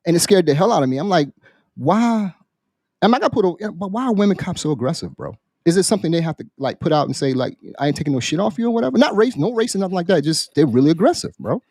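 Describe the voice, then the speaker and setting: A man, a military veteran, on a podcast, casually telling a story in an animated, profane way and acting out the people in it. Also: sits high, fast talker, no room sound, studio quality. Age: adult, military veteran. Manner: animated, profane, acts out quoted voices. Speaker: podcast co-host.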